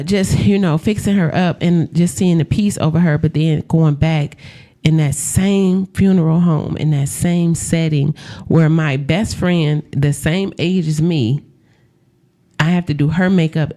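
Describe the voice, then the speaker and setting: A woman in casual radio talk, telling stories in a lively way, acting out quotes and laughing often. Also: low-pitched. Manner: animated storyteller, acts out quotes, laughs often. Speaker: makeup artist for funerals.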